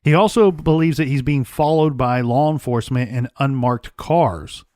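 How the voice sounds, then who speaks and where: Guy on a true crime podcast, steady mid voice, walks through the case bit by bit, super dry close mic. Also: mid-range voice, no echo. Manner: measured, case-recounting storyteller. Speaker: podcast co-host.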